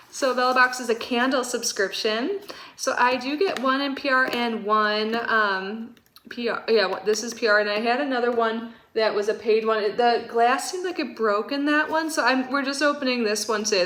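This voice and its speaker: A woman in her thirties talks through a subscription box in a relaxed, chatty way. She gushes over each item with lots of fillers, and her voice sits fairly high. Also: slight background noise. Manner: gushing, excitable, many fillers. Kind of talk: casual unboxing chat.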